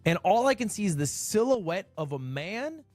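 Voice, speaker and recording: Male streamer, late 20s, slightly high and very lively storyteller, wry. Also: moderate pace, no room sound, faint music behind. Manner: animated, wry storytelling with swings in pitch. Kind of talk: casual storytelling.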